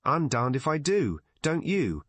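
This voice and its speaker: A pugnacious American man in his thirties, with a light American accent, blunt and abrupt, his voice lively in pitch, as a male audiobook reader plays him. The voice has a husky grain, recorded dry and close. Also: unhurried, no room sound, exaggerated voice.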